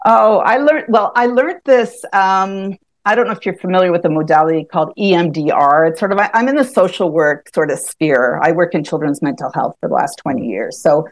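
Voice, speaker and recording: A woman guest explaining a self-help tapping method in casual conversation, animated and quick to laugh, often restarting her sentences. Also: on the low side, no echo. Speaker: EFT tapping practitioner, guest.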